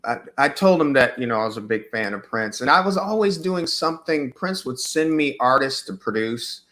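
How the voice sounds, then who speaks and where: Bright-voiced man telling a rambling story. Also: medium pitch, animated, moderate pace. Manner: loose, rambling storyteller with many fillers. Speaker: musician guest. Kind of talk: casual storytelling interview.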